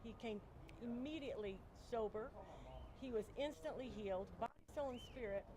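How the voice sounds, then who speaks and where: A woman's voice: a little high, fairly quick, noisy background. A woman guest sharing a personal faith testimony in conversation, earnest, often acting out her own past dialogue. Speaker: interview guest. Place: outdoors on a bench.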